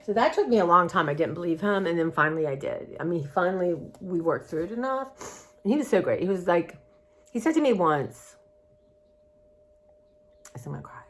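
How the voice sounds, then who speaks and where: Candid woman with a lower voice. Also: lively intonation, fairly quick. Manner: rambling, heartfelt, confiding. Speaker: vlogger. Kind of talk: candid personal vlog.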